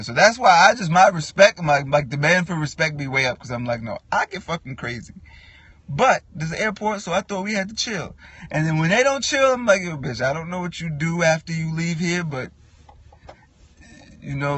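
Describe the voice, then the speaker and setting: A man ranting in a casual, profane monologue, animated and quick to act out what others said. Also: a little high, dry recording. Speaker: podcast host.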